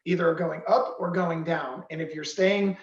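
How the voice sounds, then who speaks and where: A man teaching real estate agents about tone of voice, animated and acting out examples. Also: on the high side, normal speed, reverberant, dull audio. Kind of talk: coaching talk with examples.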